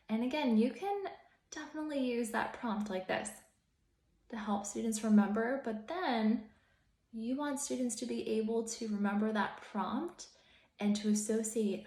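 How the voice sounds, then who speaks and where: A woman's voice: a little high, slow, darkish tone. A young adult woman teacher hosting an upbeat instructional video, cheerful and encouraging with sing-song emphasis. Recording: echoey room.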